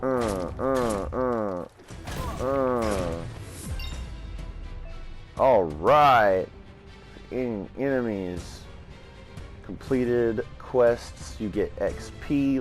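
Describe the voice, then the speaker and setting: A man's voice: lowish voice, lively intonation, takes it slowly, soft background music. A sleepy man just out of bed, casually talking through a video game as he plays and reacts. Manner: thinks aloud, reacts to the game. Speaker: let's play gamer. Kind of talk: casual gameplay commentary.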